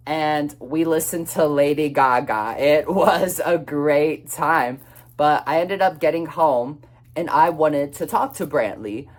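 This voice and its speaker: A young man chatting through a personal story in a casual vlog, rambling and swearing freely, quick to flare up. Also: fairly high pitch. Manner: chatty and expressive, swears freely, flares up when retelling anger; rambling, restarts and many fillers.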